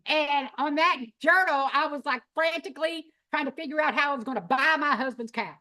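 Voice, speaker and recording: A middle-aged woman, telling her story in an animated, folksy, emphatic way. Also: high voice, brisk. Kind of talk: storytelling talk.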